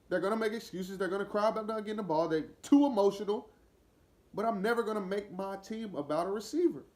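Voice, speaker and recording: Guy with a high voice going off on football, opinionated podcast rant. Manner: animated, opinionated, talks straight at the listener; slips into acting out a player's voice. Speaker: podcast host. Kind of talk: solo sports commentary rant.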